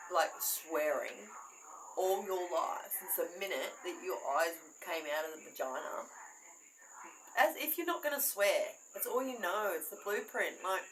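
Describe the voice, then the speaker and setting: A woman's voice: lowish voice, a bit bright, a little hiss or hum, low-quality recording. A woman with an Australian accent giving a casual tarot reading, rambling and correcting herself and swearing now and then. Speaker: tarot reader. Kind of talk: casual spiritual chat.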